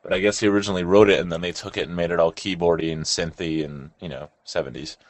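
A young man with a very low voice, chatting loosely as co-host on a show with callers. He rambles, restarts and swears offhandedly. The sound is close and dry. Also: fast, dry recording. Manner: rambling, swears casually, animated laughs. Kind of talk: casual chat.

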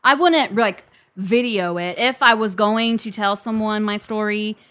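A woman from Florida, a returning podcast guest, chatting casually and telling stories in an animated way. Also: mid-range voice, measured pace. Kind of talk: casual chat.

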